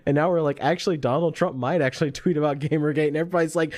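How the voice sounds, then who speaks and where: Higher-ish podcast guy, laughs a lot, chatty, reads donations out. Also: steady tone, rapid-fire, darkish tone, slight background noise. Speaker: podcast co-host. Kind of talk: casual podcast chat.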